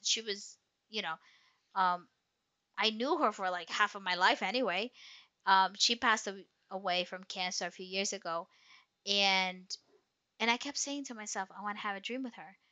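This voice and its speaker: A woman's voice: medium pitch, sharp tone. A young woman telling a personal story in casual chat, rambling and emotional with lots of fillers.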